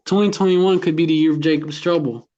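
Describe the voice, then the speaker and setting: A man's voice: fairly high pitch, steady tone, a little fast, mellow, muffled recording. A man talking slangily and animatedly in casual chat.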